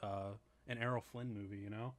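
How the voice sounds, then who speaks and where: A man co-hosting a casual chat about a film, laughing often and talking in halting bursts with lots of fillers. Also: on the low side, steady tone. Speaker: co-host reacting to a film.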